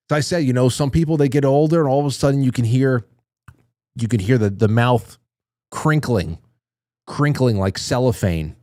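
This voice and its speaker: A man's voice: mid-range voice, a little mellow, no room sound, clean studio sound. A man in his forties hosting a live call-in show, rambling casually and cracking crude, self-mocking jokes as he reads the chat. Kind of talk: casual live-stream monologue.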